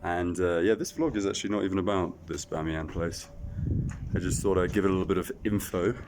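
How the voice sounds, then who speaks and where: Fairly quick and low-pitched, a man's darkish voice carries over slight background noise at an echoey outdoor site. He's casually vlogging his travels to camera, rambling with fillers and self-mocking asides.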